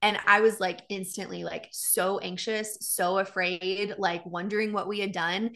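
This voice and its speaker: A middle-aged woman coach giving a casual, chatty talk on emotional triggers, full of "like" and lively asides. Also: mid-range voice, measured pace. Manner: chatty, lots of "like", animated asides. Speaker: coach teaching about triggers. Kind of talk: casual teaching talk to an audience.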